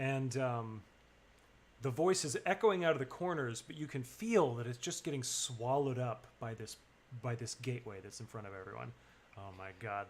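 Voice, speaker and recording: A man narrating as game master in a tabletop game, loose and halting, pausing and restarting as he sets each scene. His voice sits at an ordinary middle pitch.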